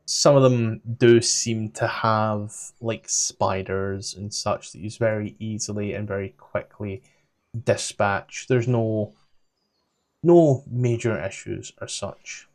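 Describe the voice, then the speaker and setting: A man's voice: lowish voice, takes it slowly. A man with a Scottish accent running a tabletop game, rambling casually as he looks things up. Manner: relaxed, rambling, flipping through notes aloud. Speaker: game master.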